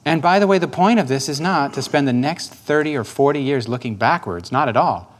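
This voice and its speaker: A male pastor leads a guided prayer in a patient, gentle manner. His voice sits at an ordinary middle pitch, and he repeats his questions as he coaches his listeners. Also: lively intonation, brisk, slight background noise.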